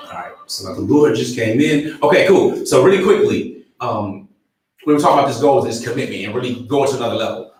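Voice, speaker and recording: Earnest man talking in a very echoey room. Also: fairly low pitch. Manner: earnest, personal storytelling. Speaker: relationship coach. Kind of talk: motivational livestream talk. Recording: very echoey room, voice from far off the mic.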